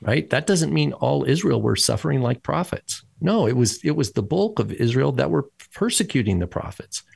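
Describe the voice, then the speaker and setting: A man's voice: medium pitch, very animated, normal speed, gravelly, a little mellow, breathy edge, no echo. A man co-hosting a podcast, talking animatedly in a casual religious discussion and quoting people in acted voices. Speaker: podcast co-host.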